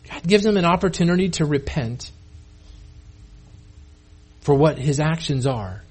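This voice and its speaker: A man's voice: fairly high pitch, expressive, measured pace, a little mellow, slightly rough. A male pastor delivering a sermon in a casual, conversational way, often repeating and restarting words.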